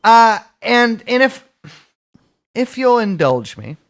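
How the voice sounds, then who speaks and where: A man's voice: very high voice, big pitch swings, takes it slowly. A man co-hosting a podcast, talking casually with a sardonic, swearing edge. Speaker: podcast co-host.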